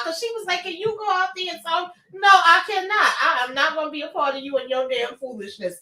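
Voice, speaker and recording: A woman panelist in a casual live chat, talking in an animated, exclamatory way and acting out quotes. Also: very high voice, quick pace, few pauses, echoey room, recorded from a distance, low-quality recording.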